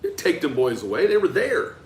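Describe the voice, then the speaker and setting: A man talking through a case in a reflective, conversational monologue, often tagging his points with a questioning "right?" and trailing off into quiet asides. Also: a little high, wildly swooping pitch, brisk, a little hiss or hum. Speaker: commentator on a true-crime case. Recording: roomy echo with faint ambience.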